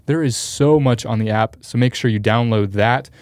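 Eager male co-host, promo delivery, mid pitch, dry sound. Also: normal speed, a little mellow, dry recording. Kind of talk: announcements on a church podcast.

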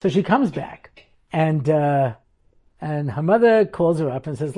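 A man's voice: a little high, lively intonation, unhurried, warm tone. A middle-aged man, a rabbi and seminary teacher, giving a storytelling lecture and acting out the people in his stories.

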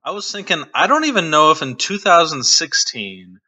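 A man's voice: a little high, big pitch swings, moderate pace, pushed and bright. A man co-hosting a podcast in casual chat, thoughtful and questioning. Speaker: podcast co-host. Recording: dull lo-fi mic.

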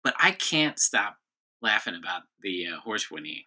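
A middle-aged man co-hosting a casual podcast, chatty and quick to react, talking about his kids. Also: on the low side, sing-song, pushed and bright. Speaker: podcast co-host.

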